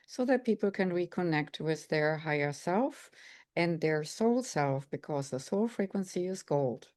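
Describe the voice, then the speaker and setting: A middle-aged woman, a psychic consultant, calmly explaining spiritual exercises step by step. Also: sits low. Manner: calm, instructive, explains step by step. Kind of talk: guided spiritual instruction.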